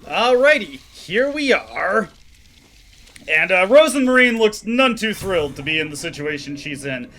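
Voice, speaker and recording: A woman's voice: mid-range voice, very animated, a little slow, fairly bright tone. A woman hosting a let's play, giving casual, wry, self-deprecating commentary on the game.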